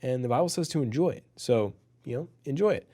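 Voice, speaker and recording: Young man, course instructor, earnest and motivational, casual to-camera teaching, mid pitch. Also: animated, fast, warm tone. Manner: earnest, motivational, filler-heavy.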